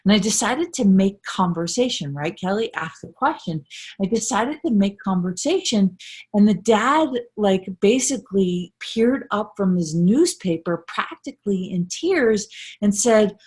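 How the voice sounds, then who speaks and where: Breathy, earnest woman life coach. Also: medium pitch, expressive, a little slow, a little mellow. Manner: earnest, emphatic, repetitive, with frequent "right?" tags. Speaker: life coach and motivational speaker. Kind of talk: casual live motivational talk.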